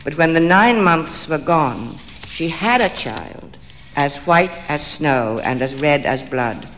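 Man reading a fairy tale, measured and expressive, fairly high voice, long hall reverb. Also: a little hiss or hum. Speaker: storyteller.

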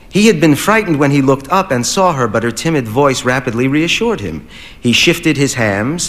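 Male audiobook narrator; measured, even, mid-range voice. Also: mid-range voice.

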